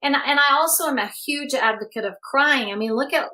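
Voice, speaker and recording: A woman's voice: high-pitched, a little fast, sharp tone. A woman speaking as a guest coach in a podcast conversation, earnest and emphatic as she advocates for letting emotions out.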